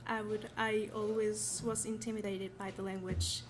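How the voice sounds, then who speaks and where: A woman's voice: mid-range voice, little pitch movement, moderate pace, a little hiss or hum. A teenage girl from Mexico with a Mexican Spanish accent, her native tongue Spanish, giving a nervous, earnest award acceptance speech. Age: teens. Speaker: honored student.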